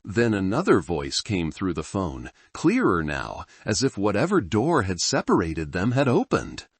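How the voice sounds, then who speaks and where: A man's voice: deep voice, wildly swooping pitch, a little slow, husky, no echo. A man reading a thriller story aloud as narrator, in a dramatic, tense storytelling manner. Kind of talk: scripted narration.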